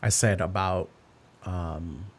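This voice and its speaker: Male podcast host with a very low voice, asking gentle, empathetic follow-up questions. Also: fairly even intonation, slow, a little hiss or hum. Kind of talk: interview conversation.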